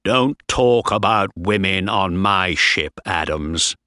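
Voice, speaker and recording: A man's voice: low-pitched, takes it slowly, sharp tone, dry recording, clean studio sound, exaggerated voice. A man voicing a stern, commanding young male ship captain who gives clipped orders.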